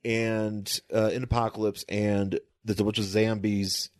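A man co-hosting a casual podcast about comics. He rambles loosely and retells scenes with quick voices. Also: on the low side, level tone, darkish tone, no room sound, clean studio sound. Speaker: podcast co-host.

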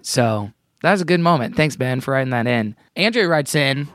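A man's voice: mid-range voice, expressive, normal speed, fairly bright tone, no room sound. A man co-hosting a podcast, chatting casually, reading listener emails and laughing often. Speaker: podcast co-host.

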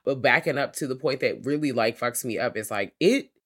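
A man's voice: mid-range voice, fairly quick, a bit bright. A man co-hosting a podcast, chatting casually about movies in a slangy, profane way and acting out characters' lines. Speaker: podcast co-host.

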